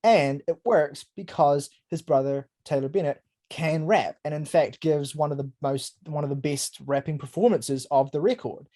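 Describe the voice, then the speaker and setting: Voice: medium pitch, moderate pace, hardly any pauses, warm tone. Blunt, rambling album-review co-host. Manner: emphatic, rambling, blunt with swearing. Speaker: podcast co-host. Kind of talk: casual album review chat.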